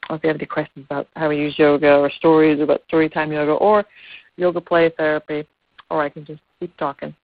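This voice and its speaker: A woman's voice: low voice, level tone, fast, no echo. A woman yoga teacher giving an earnest, meandering talk over a video call, with many fillers. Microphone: phone on a video call. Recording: dry, tinny phone-like call audio.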